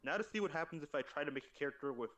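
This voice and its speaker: A man, a player in a tabletop game group, making dry, quiet jokes. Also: a little high, animated, racing, low-quality recording.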